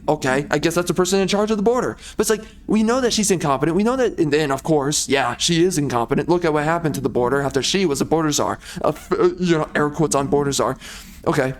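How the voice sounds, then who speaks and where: A man's voice: a little high, fast talker. A man giving casual commentary while playing a video game, rambling and ranting with sarcastic asides.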